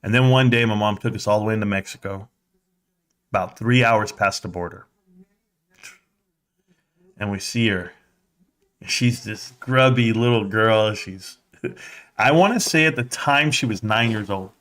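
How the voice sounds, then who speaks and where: Animated storytelling man. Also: unhurried, pauses often. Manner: animated, acts out quotes in a high voice; conversational, with fillers and restarts. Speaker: livestream host. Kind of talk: casual personal storytelling.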